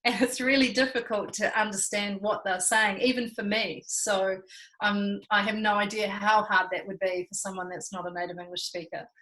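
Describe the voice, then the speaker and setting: A woman with a mild New Zealand accent talks in a relaxed, chatty way. She laughs easily as she goes, and her voice sits at a middle pitch for a woman. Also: low-quality recording. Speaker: co-host. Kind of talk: casual chat.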